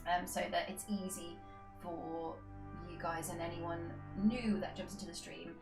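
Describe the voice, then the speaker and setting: A woman's voice: lowish voice, fairly even intonation, a little slow, gravelly, distant mic, music in the background. Chatty woman streamer. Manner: rambling, many fillers and restarts. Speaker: game streamer. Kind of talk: casual live-stream chat. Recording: echoey room, faint background noise.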